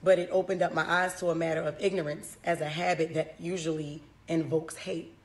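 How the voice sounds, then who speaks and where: A woman comedian reading a scripted apology to camera, halting, with fillers. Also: low voice, flat delivery.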